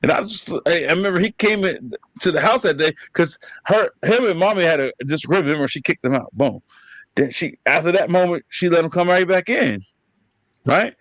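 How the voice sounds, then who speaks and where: Black dude hosting a podcast, swearing, animated storytelling, kinda high voice. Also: male voice, brisk, dry recording, rough recording. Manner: profane, animated storytelling with laughs. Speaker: podcast host. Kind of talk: casual conversation with his brother.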